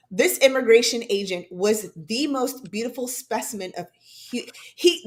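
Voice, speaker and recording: A woman co-hosting as a counselor and healer, chatting casually and acting out the people she quotes. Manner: animated storyteller, acts out quotes with big jumps in pitch. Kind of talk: casual chat.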